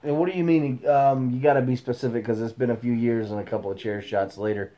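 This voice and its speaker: A man's voice: medium pitch, steady tone, fast, mellow. Laid-back man on dull lo-fi audio. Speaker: host. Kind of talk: casual podcast interview.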